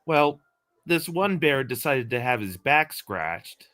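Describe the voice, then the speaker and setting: A man chatting on a livestream, telling a joking story with a bright, forceful voice. His pitch sits in the middle range. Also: big pitch swings, takes it slowly. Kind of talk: casual chat.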